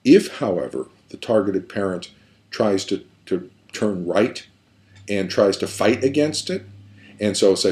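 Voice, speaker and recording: A man's voice: lowish voice, expressive, unhurried, a little mellow. A man who works as a therapist, explaining a pattern step by step in an emphatic lecture with repeated phrases. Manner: emphatic, repetitive, building points step by step.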